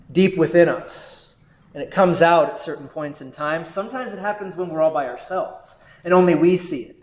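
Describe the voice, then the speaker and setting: A man preaching as a pastor, earnest and measured, often checking in with the congregation. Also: on the high side, roomy sound. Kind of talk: sermon.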